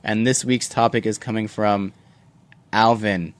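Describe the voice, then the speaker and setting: Man, podcast host, lowish voice, playful, laughs through segment intros. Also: fairly even intonation, measured pace. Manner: playful, announces segments with a grin. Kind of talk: casual podcast chat.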